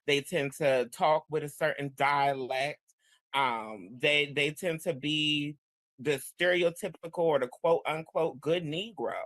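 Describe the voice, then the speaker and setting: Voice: medium pitch, a little slow, a bit bright, no echo. A panelist in casual chat, blunt and profane.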